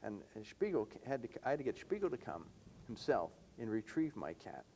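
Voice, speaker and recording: An older man interviewing a colleague, telling anecdotes in an animated, reminiscing way. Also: on the low side, a little fast, a little hiss or hum. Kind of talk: reminiscing conversation.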